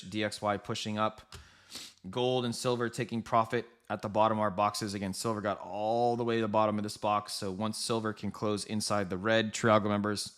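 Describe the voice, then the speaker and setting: A man's voice: lowish voice, fairly bright tone, smooth. A man hosting a live trading stream, talking casually to viewers with frequent laughs as he comments on the markets. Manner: chatty, laughs often, addresses viewers directly. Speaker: trading livestream host.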